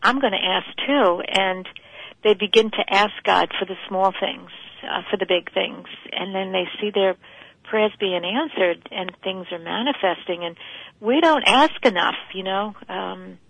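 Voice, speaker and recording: A woman's voice: medium pitch, unhurried, vocal fry, a bit bright, no room sound, lo-fi sound. A middle-aged woman, a guest author, earnestly telling a personal faith story in conversation.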